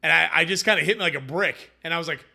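Rapid-fire and creaky, with fairly high pitch, a young man recounts founding his hummus company in a casual interview as the guest. His tone is bright, forceful and slightly raised, and he animatedly drops into quoted voices as he tells it.

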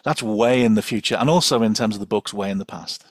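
A man on a podcast, chatting in an animated, digressive way. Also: lowish voice, quick pace, no echo, clean studio sound. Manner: animated, digressive, many fillers and restarts. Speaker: podcast guest. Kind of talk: casual chat.

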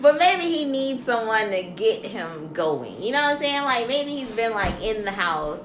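A woman's voice: a little high, big pitch swings, normal speed, a bit bright, soft background music. A woman co-hosting a casual podcast, teasing her friend and laughing a lot. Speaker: podcast co-host. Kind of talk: casual chat. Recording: echoey room with background noise.

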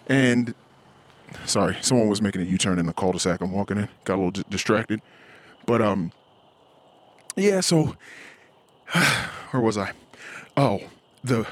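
A man talks into his mic as he walks along a quiet street outside. His voice is husky and very lively in pitch. He rambles and swears freely in a casual solo podcast rant. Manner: rambling, profane, frustrated; acts out quoted voices. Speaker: podcast host. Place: outdoors, walking in a cul-de-sac.

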